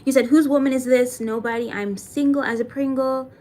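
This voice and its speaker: Young woman streamer, slightly high voice, loose and chatty, curses casually. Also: steady tone, brisk, darkish tone. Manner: chatty, swears casually, thanks viewers by name. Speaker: livestreamer. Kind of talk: casual livestream chat reading comments.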